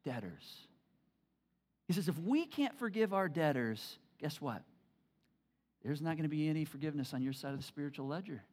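A pastor preaching a sermon, telling family stories with animated, repetitive emphasis. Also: male voice, fairly high pitch, moderate pace, pauses often, slightly rough.

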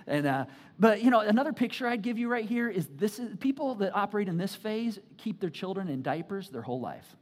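Animated, chatty preacher. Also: a little fast. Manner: animated, conversational, frequent "right?" asides; swings between low asides and loud excited bursts. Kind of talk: sermon.

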